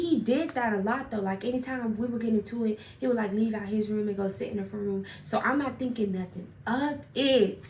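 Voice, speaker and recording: Animated young woman telling a story. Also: on the high side. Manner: animated, profane, gets worked up retelling. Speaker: storyteller vlogger. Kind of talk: casual storytime. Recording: roomy echo, far from mic, faint noise.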